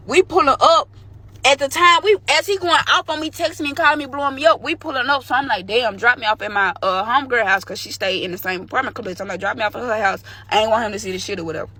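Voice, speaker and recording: A woman's voice: on the high side, fast talker, bright, forceful tone. A young woman telling a candid, slangy story from her own life to the camera. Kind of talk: storytime vlog.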